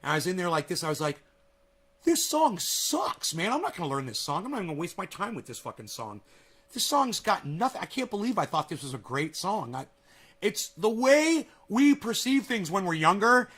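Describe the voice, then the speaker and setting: Animated man ranting at home. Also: sits high, fairly quick. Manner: animated, profane, excitable storytelling. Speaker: vlogger. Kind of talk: casual rambling monologue. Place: at home, near a kitchen.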